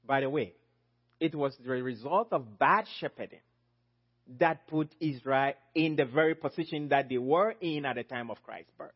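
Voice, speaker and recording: A man preaching a sermon, emphatic, swinging from loud high exclamations to low quiet phrases. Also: moderate pace, breathy edge, dull audio.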